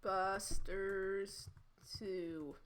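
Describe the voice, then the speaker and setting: A woman's voice: mid-range voice, fairly even intonation, very slow. A young woman streaming, reading fanfiction aloud and breaking off into chatty, laughing asides. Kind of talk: casual live-stream reading and commentary.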